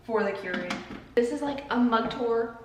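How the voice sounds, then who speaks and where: A woman's voice: fairly high pitch, moderate pace, reverberant, far from the mic, slight background noise, rough recording. A young woman hosting a casual vlog, chatty and joking as she tastes coffees and drifts into tangents. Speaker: YouTuber.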